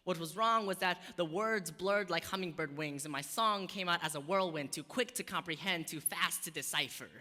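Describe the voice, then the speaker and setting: Bright-voiced young man in a hall. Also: a little high, moderate pace, hardly any pauses. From United States. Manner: rhythmic, shifts from soft recited poetry to lively casual talk. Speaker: spoken word poet. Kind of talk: spoken word performance then talk. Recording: long hall reverb.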